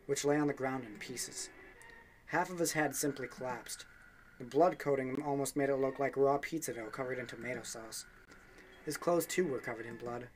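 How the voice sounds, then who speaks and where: A man's voice: medium pitch, slight background noise. A young man reading a game's story text aloud for a let's play, with offhand asides and small slips.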